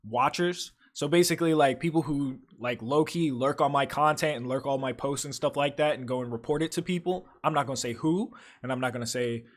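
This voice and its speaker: A man's voice: medium pitch, a little fast, few pauses. A young man hosting a livestream, reading viewer comments aloud and chatting in loose, profane slang full of fillers. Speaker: livestream host.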